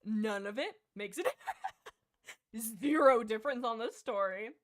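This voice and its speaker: A young woman talks through a book on her livestream in a loose, rambling way. She gets excitable, restarts her sentences often and fills gaps with lots of fillers. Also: fairly high pitch, measured pace. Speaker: livestream host. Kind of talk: casual book discussion livestream.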